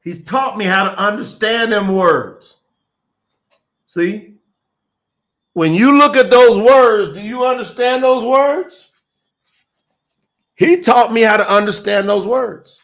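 A man's voice: high-pitched, fairly bright tone. A middle-aged man, preaching in an emphatic, repetitive, folksy way during a livestream sermon to online viewers.

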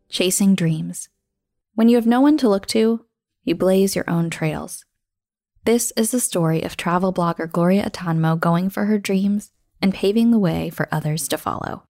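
Woman narrating a story in measured tones. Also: medium pitch, a little mellow, no echo, clean studio sound. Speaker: podcast host and narrator.

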